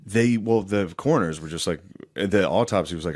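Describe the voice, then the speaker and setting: A man with a very low voice tells a long story on a podcast, circling back and restarting as he goes. His talk is casual and full of swearing. The sound is close and dry. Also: brisk, darkish tone, no room sound. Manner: rambling, profane storytelling with many restarts. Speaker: podcast co-host.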